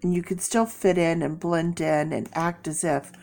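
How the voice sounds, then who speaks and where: Sniffly low-voiced woman tarot reader. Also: fairly even intonation, normal speed, vocal fry, darkish tone. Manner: chatty, encouraging, rambling. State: sick, sniffly voice. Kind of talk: casual tarot reading.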